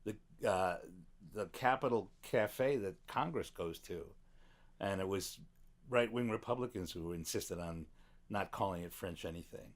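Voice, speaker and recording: A man's voice: low-pitched, measured pace. A man talking as a guest on a podcast, wry and chatty, cutting in with comments. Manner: wry, interjects with comments and laughs. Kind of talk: casual conversation.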